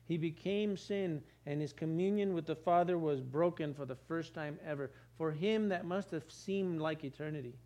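A man's voice: a little high, normal speed, few pauses, a little mellow. A man preaching a sermon as pastor, driving points home with repeated phrases. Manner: preaching with rising emphasis and repetition.

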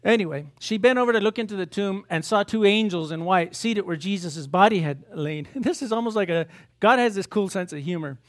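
High-voiced pastor preaching conversationally. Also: male voice, brisk. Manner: conversational preaching, rhetorical questions to the congregation; acts out biblical dialogue in raised voices. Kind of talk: sermon.

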